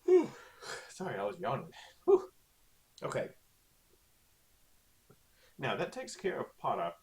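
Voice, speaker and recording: A man's voice: mid-range voice, huge pitch swings, slow, darkish tone. A man teaching a recorded Spanish lesson in a chatty way, often checking in with "okay?".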